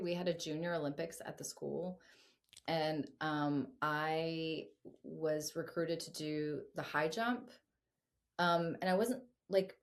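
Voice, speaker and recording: A middle-aged woman talks as a podcast guest, loose and casual. She gets animated, swears now and then, and fills her sentences with "like". Her voice sits a little low for a woman. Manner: animated, filler-heavy, swearing. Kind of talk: casual interview chat.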